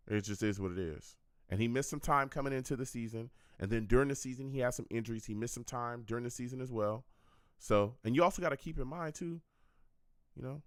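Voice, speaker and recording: A man hosting a live football draft reaction stream, excitable and quick to laugh, with slangy banter. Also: mid-range voice, no room sound, clean studio sound.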